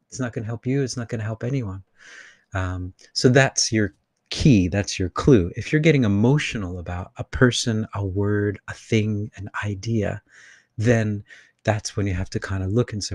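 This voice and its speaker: Low-voiced man rambling casually. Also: moderate pace, no echo, studio quality. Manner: rambling, many "you know" fillers, animated bursts. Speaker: spiritual channeler hosting a live session. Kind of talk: casual spiritual talk. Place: his room with air conditioner on.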